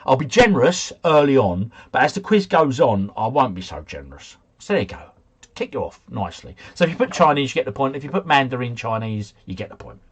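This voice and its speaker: A man's voice: mid-range voice, very animated, brisk, husky, muffled recording. A man hosting a casual live quiz stream, chatting and joking as he reads out answers and viewer scores. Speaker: quiz host.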